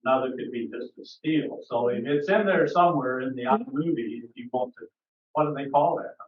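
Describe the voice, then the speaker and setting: A man's voice: medium pitch, brisk. A man asking curious questions at a camera club, searching for his words as he goes. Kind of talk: casual club discussion. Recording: distant, phone-like, echoey.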